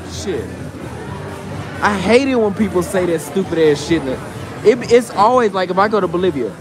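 A man's voice: high voice, animated, moderate pace, music in the background, crowd noise. A drunk man in a casual live-stream rant, profane and ranting, out on a city street at night. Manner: profane, ranting, slurring from drink.

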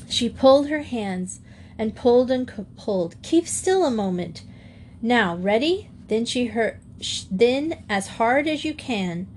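A woman's voice: mid-range voice, slight background noise. Woman reading a story aloud. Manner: steady storytelling. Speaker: audiobook reader. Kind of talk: scripted narration.

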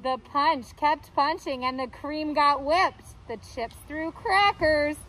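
A woman teacher reading a picture book aloud to young children, expressive and playful, putting on voices for the characters. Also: high-pitched, takes it slowly, a little hiss or hum, rough recording. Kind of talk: read-aloud storytime for children.

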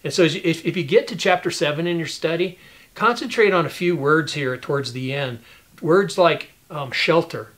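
A man speaking as a pastor to study groups, his voice sitting a little high. He talks in a prayerful, encouraging way, with some casual ums along the way. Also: normal speed, a bit bright. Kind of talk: sermon.

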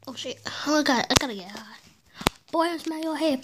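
High-pitched lady goofing around doing voices for a fan parody, swears a lot, loud then whispery. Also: noisy background. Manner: brash and profane, with rapid shifts between loud outbursts and whispers. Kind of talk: playful fan parody, switching character voices.

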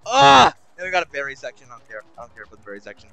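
Animated young man swearing at a game. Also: medium pitch, rapid-fire, soft background music. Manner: swears constantly, bursts into exasperated shouting. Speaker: game streamer. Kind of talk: live gaming commentary.

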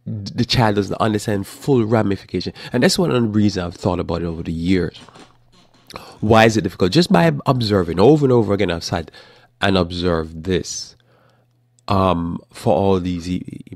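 A man hosting a live Bible teaching talk, speaking informally and acting out parents and children in quick asides. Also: low voice, creaky, no echo, clean studio sound.

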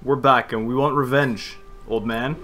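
A man's voice: mid-range voice, fairly even intonation, normal speed, pushed and bright, faint music behind. A man giving casual gameplay commentary, chatty, laughing often and talking to the game. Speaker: gaming streamer.

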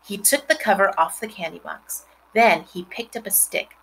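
A woman reading a children's novel aloud, expressive, with chatty asides to her listeners. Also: medium pitch, moderate pace, creaky, slight background noise, low-quality recording. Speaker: reader.

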